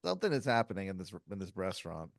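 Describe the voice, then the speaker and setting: A man co-hosting a comedy podcast, chiming in with short, quiet, amused replies. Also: deep voice, big pitch swings, very fast, creaky, no echo, studio quality. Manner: short laughing replies, quiet and drawn back from the mic. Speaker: podcast co-host. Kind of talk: playing along in improv.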